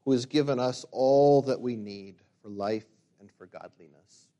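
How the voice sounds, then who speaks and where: A middle-aged pastor with a mid-range voice preaches, climbing to loud, emphatic peaks before settling into quiet, reflective stretches. He reads scripture slowly and with force.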